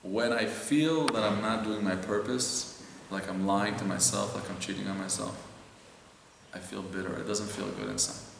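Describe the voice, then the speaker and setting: A man, a rabbi, giving earnest, heartfelt spiritual teaching in a synagogue, slow and emotional, acting out inner voices. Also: lowish voice, steady tone, creaky. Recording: echoey hall with faint noise.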